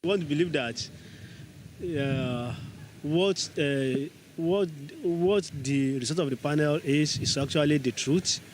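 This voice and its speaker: A Nigerian man talks outdoors with traffic noise around him. He speaks hesitantly, with frequent pauses and fillers. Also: on the high side.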